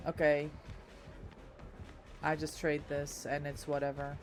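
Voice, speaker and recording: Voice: medium pitch, monotone, takes it slowly, music in the background. A streamer with a Dutch accent, a native Dutch speaker, chatting casually with viewers between game moves. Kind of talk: casual live-stream chat while gaming.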